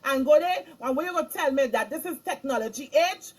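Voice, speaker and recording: A woman's voice: sits high, lively intonation, a little fast. A middle-aged woman, delivering an impassioned moral lecture as a spiritual speaker, scolding and emphatic, repeating her phrases for weight.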